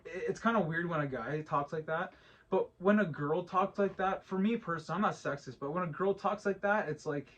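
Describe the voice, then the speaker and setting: A man's voice: high voice, a little fast, fairly bright tone, dull audio. A man in his thirties co-hosting a casual podcast chat, rambling with lots of restarts and repeated words. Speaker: podcast co-host.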